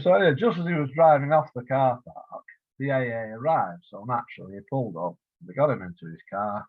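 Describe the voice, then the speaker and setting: A husky-voiced man in his seventies, heard over a thin, tinny phone-like line. He talks as an interview guest, rambling through an anecdote and slipping into quoted dialogue as he goes. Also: medium pitch, brisk, no echo. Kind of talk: casual storytelling interview.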